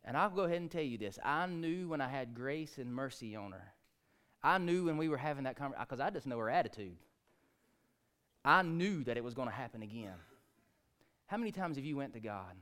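A man, preaching a sermon, swinging between hushed, quiet lines and loud, rising ones. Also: mid-range voice, animated, fairly quick, smooth. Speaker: pastor.

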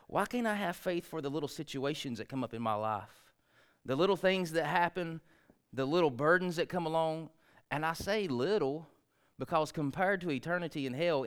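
A middle-aged man, preaching a sermon in a folksy, animated way with sudden loud bursts. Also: fairly high pitch, clear, resonant tone. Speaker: pastor.

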